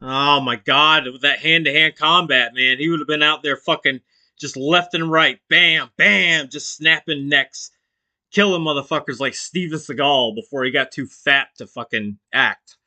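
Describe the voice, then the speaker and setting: A man's voice: on the high side, normal speed. Mocking, foul-mouthed male stream host. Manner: loud, mocking, heavy swearing. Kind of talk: profane reaction commentary.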